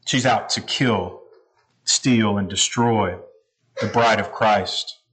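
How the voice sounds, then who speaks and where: A man's voice: fairly low pitch, takes it slowly, a bit bright, poor audio. Man preaching a conversational sermon. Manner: explanatory, conversational preaching with scripture quotes. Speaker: pastor.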